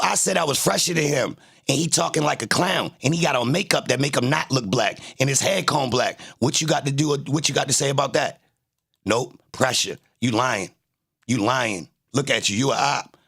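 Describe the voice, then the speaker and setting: Gravelly-voiced man taunting his stream chat. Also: mid-range voice, normal speed, fairly bright tone. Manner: confrontational, taunting, repeats his jabs. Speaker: livestreamer reacting to trial footage. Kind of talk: casual live-stream commentary, arguing with chat.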